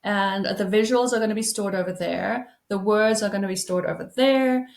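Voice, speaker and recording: A woman speaks softly and soothingly, guiding the listener through slow, deep breaths. Her mid-pitched voice has a gravelly edge of vocal fry. The room around her rings with a noticeable echo. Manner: soft, soothing, reassuring. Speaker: trauma-informed healing coach. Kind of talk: gentle guided breathing and self-help talk.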